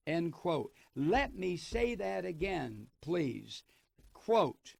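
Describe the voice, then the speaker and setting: A man's voice: fairly high pitch, sing-song, takes it slowly, gravelly, a little mellow, no room sound. A man hosting a radio talk show, reading a news piece aloud and breaking off into sardonic, profane commentary. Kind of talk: political commentary, reading and remarking on an article.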